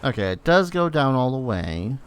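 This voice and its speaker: Male streamer, casual gameplay commentary, talking to himself, self-teasing, mid-pitched voice. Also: big pitch swings, normal speed, slight background noise. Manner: muttering to himself while playing, self-teasing.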